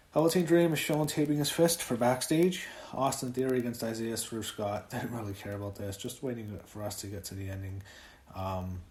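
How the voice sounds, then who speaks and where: A man's voice: fairly low pitch, darkish tone, roomy sound, slight background noise. A man giving a casual, rambling solo review of a wrestling show, with lots of fillers and swearing when he gets worked up.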